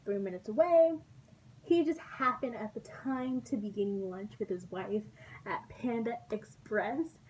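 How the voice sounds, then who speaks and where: A woman from Texas telling a storytime vlog, chatty and animated, and often laughing. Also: mid-range voice. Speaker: vlogger. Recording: distant mic with faint background noise.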